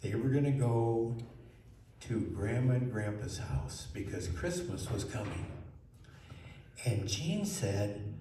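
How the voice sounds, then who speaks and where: A man's voice: fairly low pitch, slow, long pauses. Man telling a story in an echoey room. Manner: lively, asks the listeners questions. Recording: very echoey room, mic far off, faint noise.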